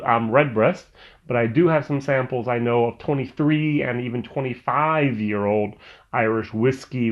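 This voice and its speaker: A man hosting a casual whiskey review vlog, rambling and pausing often with "um" and restarts. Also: medium pitch. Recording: slightly dull lo-fi audio.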